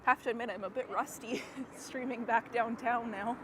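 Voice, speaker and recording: A woman's voice: fairly high pitch, steady tone, moderate pace. Chatty woman walking a city street. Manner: chatty, greets viewers by name, laughs often. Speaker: live-stream host. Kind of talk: casual live walking stream. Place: city street outdoors at night. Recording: outdoor street noise with traffic. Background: traffic and street noise.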